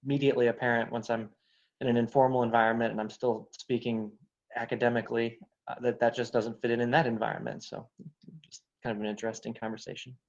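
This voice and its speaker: A man's voice: mid-range voice, level tone, fast talker, muffled recording. A man reflecting on how he speaks during an online panel discussion. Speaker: panel participant. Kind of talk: casual discussion on video call.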